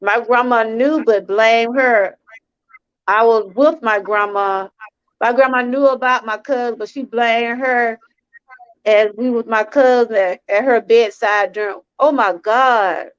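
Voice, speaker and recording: A woman's voice: a little high, fairly even intonation, unhurried, smooth, lo-fi sound. A woman from Georgia, hosting a live-stream testimony talk, earnest and repeating herself as she speaks straight to her viewers. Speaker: channel host.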